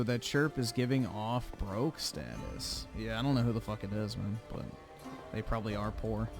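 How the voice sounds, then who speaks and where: A man's voice: fairly low pitch, very animated, normal speed. A man hosting a livestream, reading viewer donations aloud in casual chat with an offhand, blunt manner and casual swearing. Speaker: livestream host. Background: music playing under the voice.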